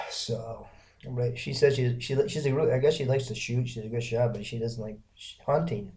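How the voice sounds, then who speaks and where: A man's voice: mid-range voice, steady tone, normal speed, a little mellow. A man from Alabama, rambling through a casual solo vlog with lots of fillers and restarts. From Alabama, American South. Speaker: vlogger.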